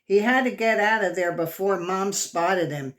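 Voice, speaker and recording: A woman's voice: medium pitch, moderate pace. A woman reading a picture book aloud to children, stopping to ask the kids questions. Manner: engaging, asks the kids questions. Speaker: storyteller.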